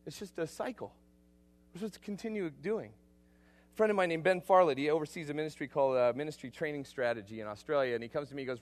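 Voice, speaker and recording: A man preaching a sermon as a missionary, emphatic and energetic, swinging between loud bursts and quiet asides. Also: medium pitch, fast talker.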